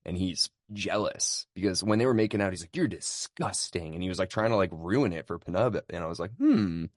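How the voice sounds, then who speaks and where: A man's voice: low voice, fast, dry recording, studio quality. A man co-hosting a podcast, recapping movie scenes in a casual, chatty way and acting out quotes. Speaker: podcast co-host.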